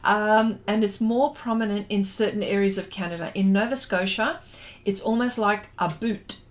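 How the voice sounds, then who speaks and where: A woman's voice: mid-range voice, steady tone, moderate pace. A middle-aged Australian woman casually chatting with her livestream viewers, giggly and hesitant with many ums. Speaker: artist hosting a livestream. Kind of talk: casual chat reading out viewer comments.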